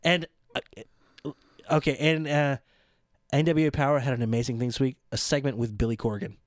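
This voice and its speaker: A man co-hosting a casual chat about wrestling, excitable and rambling, often laughing as he talks. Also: mid-range voice, normal speed, dry recording, clean studio sound. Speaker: podcast co-host.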